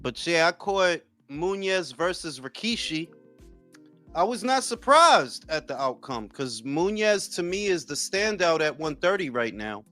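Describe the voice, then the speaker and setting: A man's voice: a little high, sing-song, unhurried, bright, forceful tone, no echo, faint music behind. A man in his forties hosting a boxing talk livestream, chatting casually with viewers in loose, profane, joking banter. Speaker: boxing talk show host.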